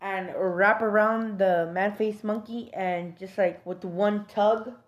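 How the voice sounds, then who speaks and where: A woman's voice: medium pitch, steady tone, slow. A woman improvising a fan-fiction story aloud, hesitant with many fillers and restarts.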